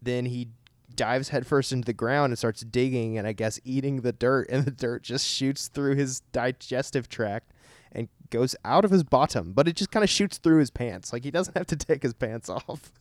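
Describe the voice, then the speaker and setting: A man's voice: mid-range voice, normal speed, dry recording. A young man co-hosting a podcast, chatting casually in a rambling, joking way. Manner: rambling, laughing, self-deprecating. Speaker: podcast co-host. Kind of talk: casual chat.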